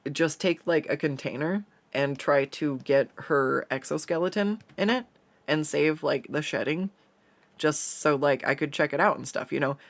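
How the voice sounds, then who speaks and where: Male art streamer, slightly high voice, loose rambling chat full of fillers. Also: creaky, a bit bright. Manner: rambling, chatty storytelling with many fillers and laughs. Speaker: artist streaming a drawing session. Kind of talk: casual chat while drawing.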